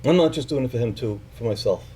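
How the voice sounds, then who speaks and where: Speaking in a mid-range voice over slight background noise, a middle-aged man tells a personal story live. He's animated and profane while acting out the people involved, then turns quiet and halting when he talks about his family.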